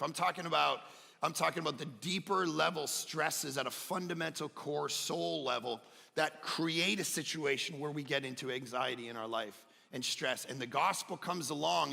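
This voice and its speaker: High bright voiced pastor guy preaching, gravelly edge, gets loud then drops way down, big church echo. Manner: animated, swings between loud emphatic peaks and quiet low stretches. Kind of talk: sermon. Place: church sanctuary. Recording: church hall reverb.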